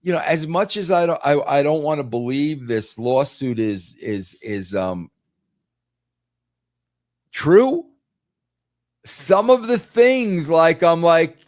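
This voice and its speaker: A man's voice: on the high side, takes it slowly, long pauses, a little mellow, no room sound, clean studio sound. Emphatic man repeating "bro". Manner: emphatic, says "bro" often, repeats words. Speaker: podcast guest, former wrestling writer. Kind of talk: casual podcast chat.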